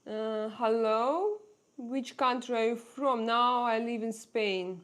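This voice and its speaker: A middle-aged woman from Russia with a Russian accent, chatting casually to viewers in a halting way with many fillers and restarts. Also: a little high. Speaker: channel host answering viewer questions. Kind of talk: casual livestream chat.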